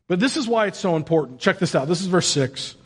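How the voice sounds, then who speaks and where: A man's voice: high-pitched, expressive, fast talker, slightly rough. A male pastor giving a conversational sermon, telling the story in a casual, joking way.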